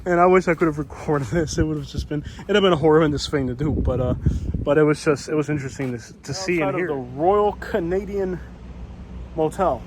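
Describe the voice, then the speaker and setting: A man's voice: on the high side, fairly quick. A man vlogging as he walks an outdoor street, chatty and rambling, with many fillers. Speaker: YouTuber. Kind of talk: walking vlog commentary. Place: outdoors on a storm-damaged street. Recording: faint outdoor street noise.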